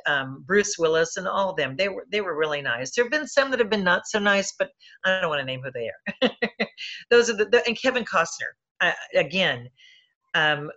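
A woman's voice: on the low side, fairly bright tone, highs cut off. A woman film critic telling chatty anecdotes about stars in an interview, with many restarts. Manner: chatty, lots of fillers and restarts.

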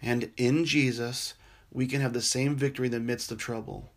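A male pastor delivering a sermon in an earnest, gentle way. His voice sits at an ordinary middle pitch, and he often drops softer and quieter to draw listeners close. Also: steady tone, moderate pace. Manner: earnest, gentle, dropping soft and quiet for tender passages.

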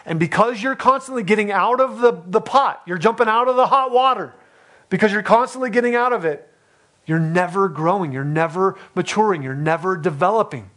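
High-voiced impassioned male preacher. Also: fairly quick. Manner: impassioned, rising loud in acted pleas, with repeated phrases. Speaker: pastor. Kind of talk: sermon.

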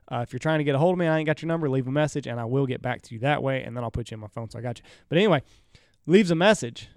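Smooth-voiced man, easygoing. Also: on the high side, dry recording, clean studio sound. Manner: relaxed, chimes in with wry comments. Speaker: podcast co-host. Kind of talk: casual chat.

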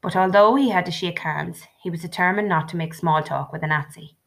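Woman audiobook narrator, deep voice, gravelly fry, measured reading. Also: fairly bright tone. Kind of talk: scripted narration.

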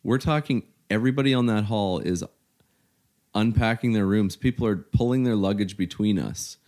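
A man, a podcast guest telling a story with animation and acting out shouted quotes. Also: on the low side, normal speed.

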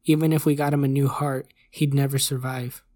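A narrator voicing a weary male hospital doctor who talks bluntly, in a flat, resigned way. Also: mid-range voice, a little fast, no room sound, studio quality, close to an everyday voice.

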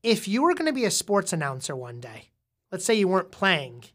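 A woman's voice: fairly low pitch, sing-song, brisk. A woman hosting a casual podcast, patiently explaining and quizzing a young guest, often restarting her words. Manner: frequent repeated restarts. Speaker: podcast host interviewing a young child.

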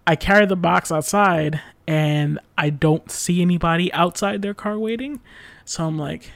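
A man with a slightly high, gravelly voice tells a long, rambling story in casual chat. He leans on "like" and "uh", swears now and then, and sounds exasperated. The sound is close and dry. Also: normal speed, no room sound. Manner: rambling, filler-heavy, exasperated retelling with swearing.

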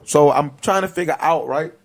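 A man's voice: a little high, moderate pace. A man with a Florida accent in casual chat, rambling and slangy, saying "bro" a lot.

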